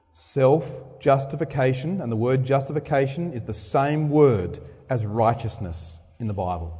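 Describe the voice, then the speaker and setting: A man preaching a sermon in church, dramatic, acting out quoted speeches with big swings in voice. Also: slightly rough. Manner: dramatic, acts out quoted speeches with sharp swings in pitch and loudness. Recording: long reverb of a large hall.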